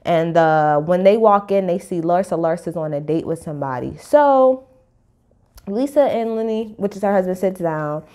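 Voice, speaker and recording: A woman speaks, recapping a reality TV episode in a casual, chatty way. Her delivery is sassy and animated, and she stops often to throw in blunt opinions. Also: on the low side, moderate pace. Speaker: TV recap host.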